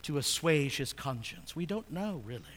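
Guy preaching in a big echoey church, high bright voice, goes from real quiet to booming. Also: expressive, moderate pace, slight background noise. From United States. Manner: swings from hushed, low asides to loud, emphatic scripture reading. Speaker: pastor. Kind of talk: sermon.

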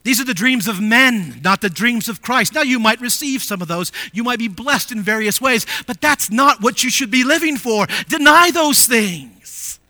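A man preaching a sermon. He rises to emphatic declarations, drops to quiet asides and asks the congregation rhetorical questions. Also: extremely high pitch, animated, moderate pace, hardly any pauses, dry recording. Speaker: pastor.

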